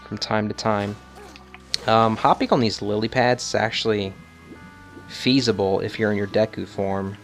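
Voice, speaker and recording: Guy doing a let's play, jokey and sarcastic, gets loud at the game, music low in back. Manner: sarcastic, joking, loud bursts of mock outrage. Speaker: video game let's player. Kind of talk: casual gameplay commentary.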